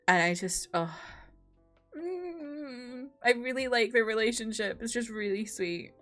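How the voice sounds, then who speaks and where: A woman's voice: on the high side, animated, measured pace, a bit bright, faint music behind. A young woman hosting a reaction video, chatting casually and from the heart with lots of "like" fillers.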